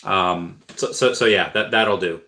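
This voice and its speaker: Low-ish voiced guy on a stream, rambly, lots of um and uh, answering chat. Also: a little slow, bright, forceful tone. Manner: rambling and repetitive, full of restarts and fillers. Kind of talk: casual livestream chat.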